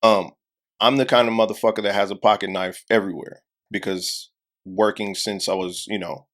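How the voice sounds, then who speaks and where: A man's voice: on the low side, moderate pace. A young adult man co-hosting a podcast, telling a story in casual chat and acting out the people he quotes. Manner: animated storyteller, acts out quotes, heavy profanity. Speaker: podcast co-host.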